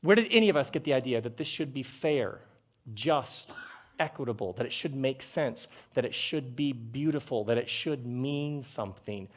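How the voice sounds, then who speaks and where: A middle-aged man giving a live talk on a theater stage, conversational and jokey, with rhetorical questions and dramatic pauses. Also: medium pitch, lively intonation. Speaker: speaker addressing a live audience.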